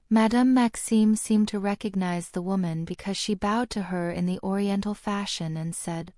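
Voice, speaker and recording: A woman narrating a fantasy audiobook in a steady, even storytelling read. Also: mid-range voice, a little slow, no room sound, studio quality.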